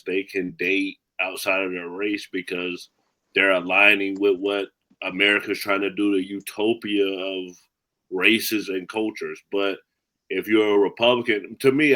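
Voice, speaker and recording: A man on a casual panel, joking sarcastically before making his point in a measured way. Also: deep voice, bright, forceful tone, rough recording. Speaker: panel guest.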